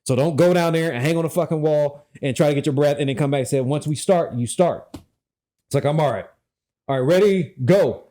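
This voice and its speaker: A man telling a funny personal story in a casual chat, animated, laughing often and swearing freely. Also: fairly high pitch, fairly quick. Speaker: guest, former Secret Service officer.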